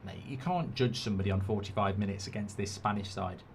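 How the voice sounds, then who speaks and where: A man's voice: lowish voice, fast talker, a little hiss or hum. A middle-aged man from England hosting a live football watchalong. He is blunt and opinionated, swears casually and reads out viewer comments.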